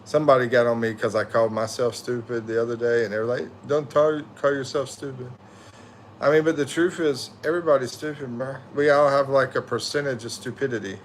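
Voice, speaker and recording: This medium-pitched man talks fast with fairly even intonation and few pauses, over slight background noise. As a tired middle-aged US livestream host, he rambles casually through viewer comments, using slang and correcting himself.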